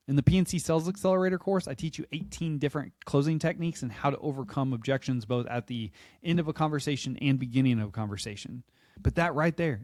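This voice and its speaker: A man coaching salespeople with an energetic, punchy delivery, acting out calls to customers as he teaches. His voice sits somewhat high for a man. The sound is dry and close, with no room around it. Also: dry recording. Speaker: sales trainer.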